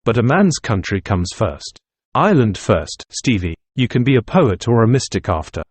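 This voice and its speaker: A man's voice: on the low side, big pitch swings, moderate pace, slightly rough, no room sound. A man voicing a simple, earnest young male student nationalist who talks in a plain, homely way, in an audiobook reading.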